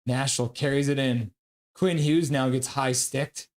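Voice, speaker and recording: Speaking a little slowly in a medium, slightly mellow voice with fairly even intonation, a man calls hockey play-by-play live on stream. He keeps it chatty, reading chat aloud and laughing often.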